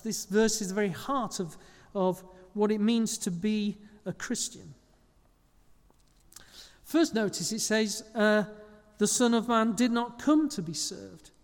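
A man gives a sermon in a relaxed, conversational way, stopping now and then to correct himself. His voice sits high for a man. The long reverb of a church hall trails behind every phrase. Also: unhurried. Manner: conversational preaching with small slips and self-corrections. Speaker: pastor.

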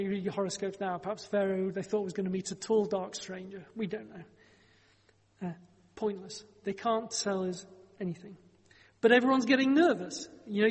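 A man's voice: sits high, long reverb tail. Man preaching, storytelling with wry asides. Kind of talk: sermon.

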